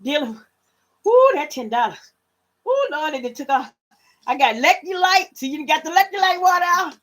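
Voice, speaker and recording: Lively Southern woman in her fifties. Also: high voice, moderate pace. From Louisiana. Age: 50s. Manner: animated, talks straight to viewers as "y'all". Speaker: livestream vlogger. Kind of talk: casual livestream chat. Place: at home.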